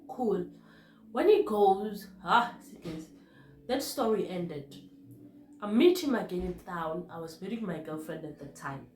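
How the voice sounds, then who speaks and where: A young South African woman telling a personal story to camera in a hushed, subdued way, often mixing in Zulu. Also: lowish voice, expressive, measured pace, roomy sound, faint music behind. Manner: hushed and subdued when recalling events, code-switching. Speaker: vlogger.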